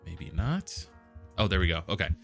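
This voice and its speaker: Very low male voice, bright tone, easygoing host, soft music behind. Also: very animated, normal speed, gravelly. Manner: easygoing, laughs often. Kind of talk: casual chat on a stream.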